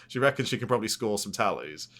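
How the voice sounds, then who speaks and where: Low-voiced man rambling through a film recap. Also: lively intonation, fast, a bit bright, slight background noise. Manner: rambling plot recap, loose and profane. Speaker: podcast co-host. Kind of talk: casual film chat.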